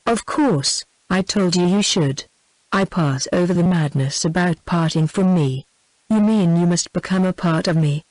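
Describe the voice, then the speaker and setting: A synthetic female voice with a British English accent, reading the lines of a brooding, passionate middle-aged gentleman in an even, unhurried way. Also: fairly low pitch, dry recording, lightly acted, poor audio. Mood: pleading.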